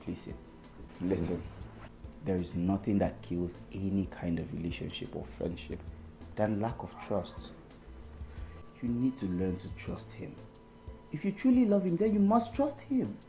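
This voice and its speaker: An actor with a Nigerian accent playing an earnest young seminarian who calmly explains and gives advice. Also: male voice, low voice, unhurried, long pauses. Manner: calm, explaining, gently lecturing. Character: earnest young male seminarian, patient and advising.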